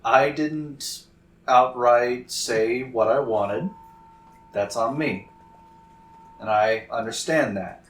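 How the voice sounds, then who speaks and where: A man playing a gentle, formal young adventurer, speaking in a measured, careful way. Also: medium pitch, reverberant, a little hiss or hum, rough recording.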